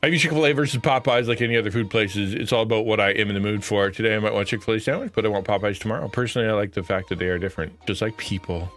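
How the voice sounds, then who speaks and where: A middle-aged man chatting casually on a live stream, his lowish voice carrying a bright, forceful edge. He rambles and backtracks, then leaps into high, excited bursts. Faint music plays underneath. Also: very fast, few pauses. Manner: rambling, self-correcting, jumps to high excited pitch. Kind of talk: casual chat.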